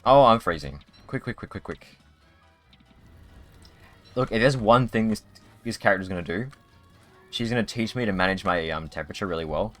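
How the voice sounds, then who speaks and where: A man's voice: lowish voice, animated, normal speed, pauses often, a bit bright, faint music behind. A man streaming a video game live, chatting casually in a rambling way with many restarts. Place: home streaming setup.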